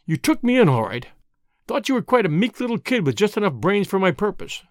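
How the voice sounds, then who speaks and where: A man's voice: high voice, big pitch swings, brisk, no echo, studio quality, voice pushed up. A man voicing a blustering, suspicious middle-aged man who snarls and barks his lines in a storybook reading. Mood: gruff. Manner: snarling, barking.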